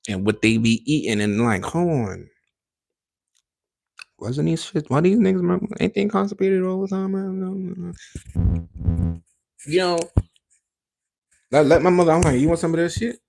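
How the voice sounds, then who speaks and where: Gravelly-voiced man rambling on a podcast. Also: on the high side, normal speed, long pauses, darkish tone. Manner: rambling, emphatic, frequent restarts; slangy and profane. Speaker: podcast host. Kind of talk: casual livestream chat.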